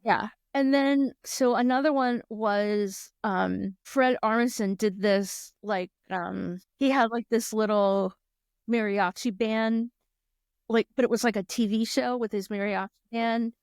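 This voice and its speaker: A woman with a steady, smooth voice co-hosts a casual podcast, recounting events with plenty of laughter and quick pitch shifts for quotes. She's chatty throughout. The audio is dry and studio quality.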